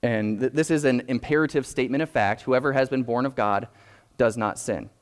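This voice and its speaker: Man preaching in a reverberant hall. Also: mid-range voice. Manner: measured, explanatory, with frequent restarts. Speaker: pastor. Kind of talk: sermon.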